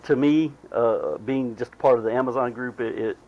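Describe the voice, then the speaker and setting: A podcast host with a Southern US twang, chatting casually and drawing out his words with halting uhs. His voice sits at a plain middle pitch, and the recording sounds slightly dull and lo-fi. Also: dark tone. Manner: drawn-out, halting, with fillers.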